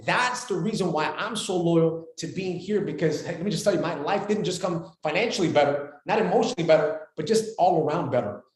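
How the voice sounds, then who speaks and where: A man in his forties, a podcast guest talking in an animated, emphatic way and repeating phrases for weight. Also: on the high side, fairly quick, few pauses, reverberant.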